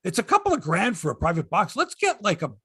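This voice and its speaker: A high-voiced middle-aged man with a husky edge hosts a casual sports podcast. He sounds excitable and rambles from topic to topic. The sound is dry and close. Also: fast talker, no echo. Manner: excitable, jumps between topics, chuckles and trails off.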